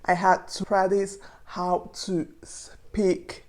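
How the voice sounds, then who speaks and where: Slow-talking Nigerian woman vlogger. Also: on the low side, level tone, a little mellow. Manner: chatty and earnest, addressing viewers as "guys". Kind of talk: casual advice vlog to camera.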